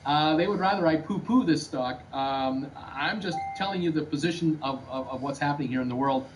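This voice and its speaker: A man giving live stock market commentary, reading viewer comments in a brisk, plainspoken way with frequent "uh"s. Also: on the high side. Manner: brisk, plainspoken, hesitant with many "uh"s. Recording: distant voice with clear background noise.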